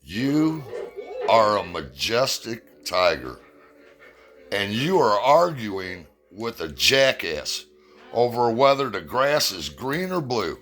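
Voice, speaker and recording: A man voicing a stern, weary male lion king who speaks slowly and scolds in a fable. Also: on the low side, big pitch swings, fairly bright tone, faint music behind, heavily acted. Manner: slow, measured, scolding. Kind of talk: storytelling a fable.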